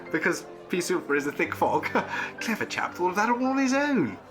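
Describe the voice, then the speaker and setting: An actor playing an eccentric, jolly English gentleman adventurer in a comic radio play, plummy and prone to chuckling. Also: sits high, very animated, moderate pace, music in the background. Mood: playful.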